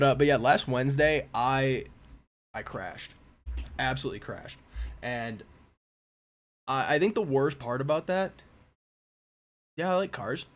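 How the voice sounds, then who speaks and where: A young man in his twenties, slightly nasal and stuffy from a cold, chatting casually and a little distractedly while hosting a live stream. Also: medium pitch. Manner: rambling, distracted while fixing stream settings. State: stuffy nose after a cold. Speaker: livestream host. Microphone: mic in view at a desk.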